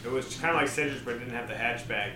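A man with a mid-range voice cracks dry, profane jokes in casual chat and plays out imagined exchanges. The room echoes around him. Noise is clearly heard behind him. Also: medium pitch, very fast, distant mic. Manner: dry, profane joking, acts out quotes. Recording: roomy sound with background noise.

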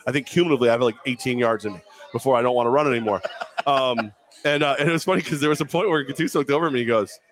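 A man's voice: mid-range voice, racing. A man co-hosting a casual sports talk show, telling jokey, self-mocking stories.

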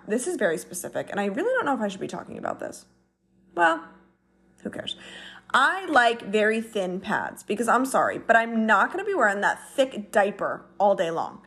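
A woman's voice: medium pitch, fairly bright tone. A young adult woman vlogging in a casual, chatty way, blunt and exasperated as she vents. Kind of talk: casual talk to camera.

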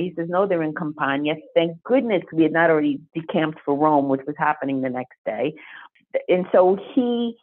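A woman who is a podcast guest, telling a story in an animated, emphatic way. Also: on the low side. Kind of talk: storytelling interview. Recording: phone-like narrow sound.

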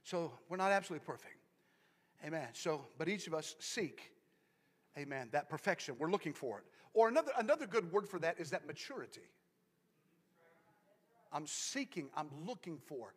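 A man preaching a sermon in church, repeating himself as he builds from soft talk to loud, fervent preaching and back down. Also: fairly high pitch, big pitch swings, normal speed, long pauses, breathy edge. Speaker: pastor. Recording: long hall reverb.

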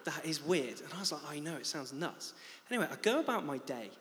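A young man with a bright, lively voice preaches, acting out his own story with big swings of pitch. The sound has a long reverb, as if he were recorded in a church hall. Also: brisk. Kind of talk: sermon with a personal story.

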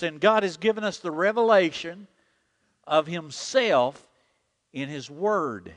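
A pastor with a voice on the high side preaches slowly in a church sanctuary, the long hall reverb trailing his words. His sermon is animated, and he leads the congregation in a call-and-repeat prayer.

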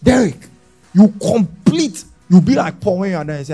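A man preaching a sermon as pastor, swinging between loud shouts and hushed lines. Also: high-pitched, very animated, normal speed, slightly rough, faint music behind.

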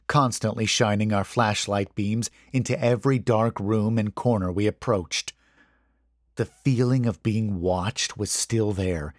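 A man narrating a first-person horror story in a measured, suspenseful reading. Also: fairly low pitch, no room sound, clean studio sound.

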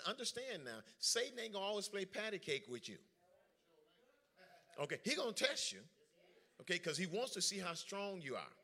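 A man preaching a lively sermon, joking with the congregation and calling for their responses. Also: sits high. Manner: lively, joking, drawls informal speech.

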